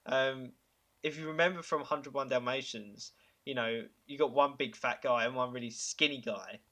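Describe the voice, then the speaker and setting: A man hosting a podcast, pitching ideas in casual chat, enthusiastic and chuckling, with halting fillers. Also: steady tone, sharp tone. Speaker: podcast host.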